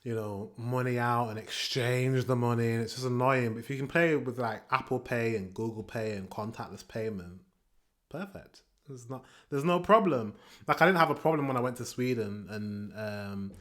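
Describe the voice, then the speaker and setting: British man ranting on a reaction video. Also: medium pitch. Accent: British English. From England. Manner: animated, ranting, pauses to comment. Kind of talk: casual reaction commentary.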